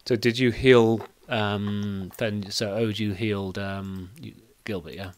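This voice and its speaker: This game master narrates a tabletop game over a stream, keeping things relaxed and joking and pausing often along the way. His voice is lowish.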